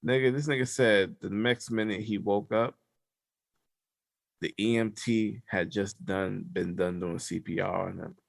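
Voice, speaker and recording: Gravelly low-voiced man telling a story. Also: measured pace, dry recording, studio quality. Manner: animated storyteller, slangy, drops to hushed tones. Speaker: podcast co-host. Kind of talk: casual storytelling chat.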